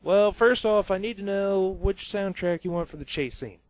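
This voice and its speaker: A man's voice: high-pitched, moderate pace, dry recording, lightly acted. A man voicing a cheerful film editor. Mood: upbeat.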